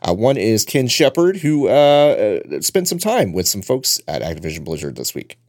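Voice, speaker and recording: Casting: male podcast host, very low voice, dry close sound, easygoing and rambling. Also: wildly swooping pitch, brisk, dry recording. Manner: conversational, loose and meandering. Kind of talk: casual podcast talk.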